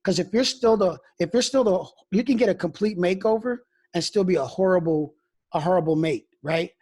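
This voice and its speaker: Speaking fairly quickly in a high, husky voice with a darkish tone, a pastor recounts stories during a candid conversational interview, often beginning his phrases again.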